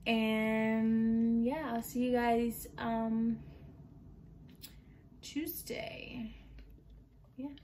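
A woman's voice: a little high, monotone, very slow, mellow, a little hiss or hum. A young pregnant woman vlogger talking casually and rambling, a bit out of breath and laughing often. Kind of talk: casual chat.

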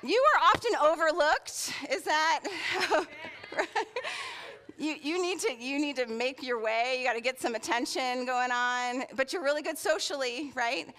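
A woman's voice: high voice, unhurried, fairly bright tone. A woman preaching as a guest speaker in a church, playful and chatty, often asking the room questions. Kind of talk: sermon with audience interaction. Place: church sanctuary.

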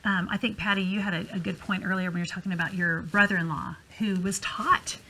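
A woman's voice: lowish voice, steady tone, fast, rough recording. A middle-aged woman on a Christian talk-show panel, speaking in an encouraging, affirming way. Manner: warm encouraging, many affirming murmurs. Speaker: discussion panelist.

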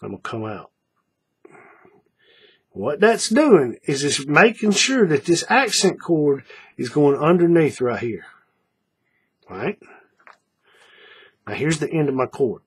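A folksy man walks viewers through a hands-on craft tutorial, repeating each step and often checking they are following. His voice is very husky and rough, and it swings lively up and down as he explains. He sits at a desk with the camera mic nearby. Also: on the high side, takes it slowly, pauses often. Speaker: paracord craft instructor.

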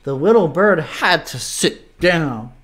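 A man reading a picture book aloud to children, playful and animated, stopping to make animal noises. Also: a little high, takes it slowly. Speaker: children's story reader.

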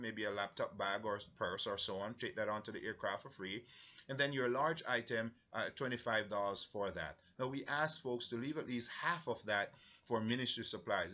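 A man with a Jamaican accent, leading a church mission-trip briefing in an earnest, halting way with many fillers. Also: lowish voice, pushed and bright, lo-fi sound.

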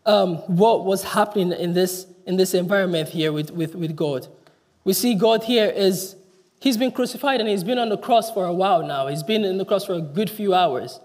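A man with a high voice preaches earnestly, restarting phrases as he goes. His words trail into a long church reverb. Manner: earnest, restarts often, voice drops low on quoted cries. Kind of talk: sermon. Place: church hall.

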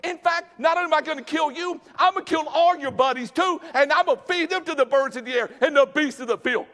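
A man's voice: very high-pitched, moderate pace, long reverb tail, voice pushed up. A pastor acting out a brash, defiant young male hero who trash-talks a giant, in a sermon story. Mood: taunting. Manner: taunting, trash-talking, shouting.

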